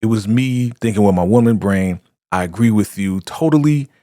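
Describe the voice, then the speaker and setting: A man voicing a fawning, scheming woman cult leader in a sugary falsetto. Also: moderate pace, warm tone, no room sound, clean studio sound, lightly acted.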